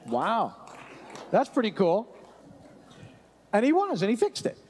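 Male pastor with a high-pitched voice, chatty sermon storyteller who restarts often. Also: a little mellow, slight background noise. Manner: conversational, many restarts and asides.

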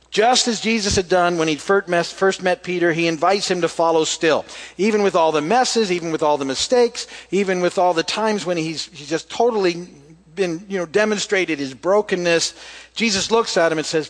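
A man with a fairly high voice preaches in a relaxed, conversational way. He tells scripture as a story and reads passages aloud. Quoted lines come out softer and quieter. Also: a little fast. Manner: casual, storytelling, acts out quoted lines softly. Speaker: pastor. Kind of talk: conversational sermon with scripture reading.

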